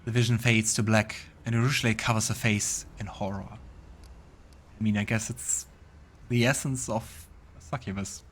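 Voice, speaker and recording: A man's voice: fairly low pitch, steady tone, moderate pace, slight background noise. A man hosting a voiced let's play, reading game text aloud and adding reflective asides. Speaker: let's play host and narrator.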